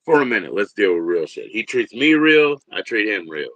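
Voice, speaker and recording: A man in his forties hosting a livestream, rambling and swearing, jumping from loud bursts to mutters. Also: on the low side, very animated, normal speed, dull audio, slight background noise. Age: 40s. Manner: rambling, profane, swings between loud and muttered. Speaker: livestream host. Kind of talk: casual livestream rant.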